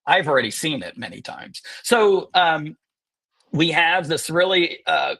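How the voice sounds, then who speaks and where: This husky-voiced man hosts a live webinar, walking through a software demo with an upbeat, joking manner. He sits a little high for a man's voice and tosses in sarcastic asides while he talks through the screen. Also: big pitch swings, measured pace. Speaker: webinar host and software presenter. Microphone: earpiece in one ear.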